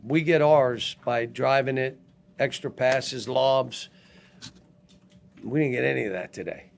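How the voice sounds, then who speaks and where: Answering reporters after a game, an older basketball coach is blunt and keeps stopping to restart. His voice sits at medium pitch with vocal fry, and a little hiss or hum is audible.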